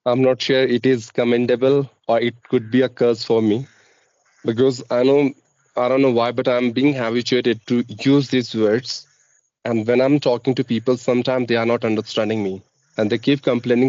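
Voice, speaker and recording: A man's voice: medium pitch, flat delivery, darkish tone, no echo. Careful Indian-accented man, dull call audio. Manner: deliberate, careful pronunciation. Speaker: English learner. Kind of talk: casual conversation practice.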